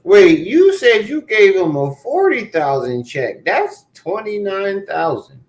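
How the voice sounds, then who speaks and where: A fairly high-voiced man hosting a reaction commentary, his pitch swinging widely as he mocks and argues back at the clips. His voice rings off an echoey room. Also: takes it slowly. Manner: mocking, animated, talks back at clips. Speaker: commentary host.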